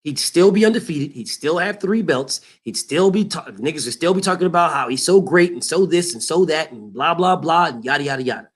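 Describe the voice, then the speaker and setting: A man's voice: on the high side, animated, a little fast, few pauses, breathy edge. A man hosting a boxing show, ranting in a heated, emphatic and profane way and repeating his points. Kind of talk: boxing commentary rant.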